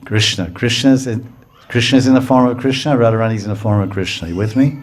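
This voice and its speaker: A low-voiced man gives a religious lecture in storytelling form. He acts out the figures and keeps checking that his listeners follow. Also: fairly quick. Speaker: spiritual teacher.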